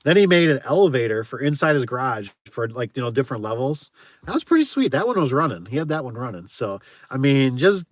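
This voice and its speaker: A man's voice: mid-range voice, very animated, quick pace, no room sound. Chatty man, dry close sound. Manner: chatty, laughs often, frequent exclamations. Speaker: garage door repair business owner. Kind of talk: casual livestream chat with viewers.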